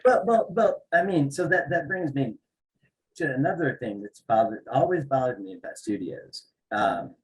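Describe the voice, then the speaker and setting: A man hosting a casual interview podcast, teasing his guest with deadpan jokes. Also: mid-range voice, poor audio. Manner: joking, teasing, deadpan asides. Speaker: podcast host.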